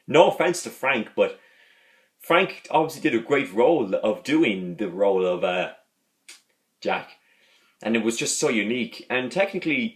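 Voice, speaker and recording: A man hosting a casual video, rambling as he talks, repeating words and restarting his sentences. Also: mid-range voice. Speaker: video host reviewing a sitcom. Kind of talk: casual vlog talk.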